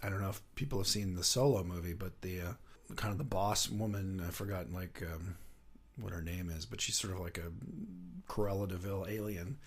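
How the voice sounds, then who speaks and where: A man's voice: sits low, a little fast, husky. A middle-aged man, a puppetry writer and director, chatting as an interview guest in a rambling way, often restarting his sentences. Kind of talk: casual interview talk.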